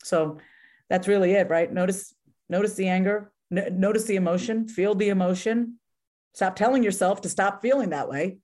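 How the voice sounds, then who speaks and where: A woman's voice: medium pitch, normal speed, darkish tone. A woman in her thirties, an author talking candidly and earnestly, peppering her talk with "like" and "right?". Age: 30s. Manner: earnest, frequent "right?" and "like" fillers. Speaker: guest author.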